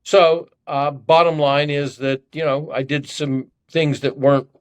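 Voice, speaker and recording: Older male guest, anecdotal and self-deprecating, voice sits a bit high. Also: steady tone, a little slow, clear, resonant tone. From Ohio. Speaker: podcast guest, former congressman. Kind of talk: conversational storytelling.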